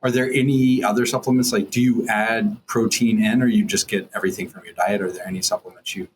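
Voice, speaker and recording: A man hosting a casual interview chat, halting and searching for words as he asks questions. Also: on the low side, steady tone, a little hiss or hum.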